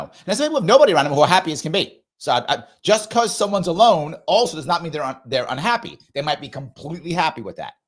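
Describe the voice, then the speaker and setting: A middle-aged man hosting a live discussion show, talking casually and earnestly to his audience and sometimes acting out quoted dialogue. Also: on the high side.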